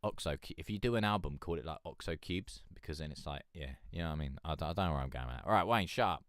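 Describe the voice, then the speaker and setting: A man's voice: a bass voice, lively intonation, quick pace, fairly bright tone, clean tone, no room sound, studio quality. A man hosting a music review stream, rambling and joking in casual chat. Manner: rambling, joking, swears, laughs a lot.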